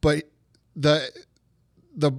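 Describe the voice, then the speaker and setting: A man's voice: on the high side, little pitch movement, extremely slow, vocal fry, dry recording, studio quality. A man in his thirties ranting in casual chat, swearing heavily and talking with heat. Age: 30s. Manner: profane, heated ranting.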